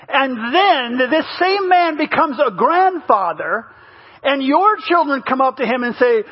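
A man's voice: very high-pitched, sing-song, measured pace, breathy edge. A man preaching a humorous, conversational sermon as pastor, often asking the crowd "right?" in a church. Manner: playful, asks the crowd "right?". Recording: dull lo-fi sermon audio.

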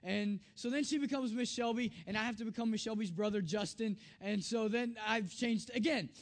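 A man preaching in a storytelling style, acting out family dialogue with animated voices and dropping soft and low on tender, reflective lines. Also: normal speed. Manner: animated, acts out his daughter's lines in a raised voice. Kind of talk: storytelling sermon.

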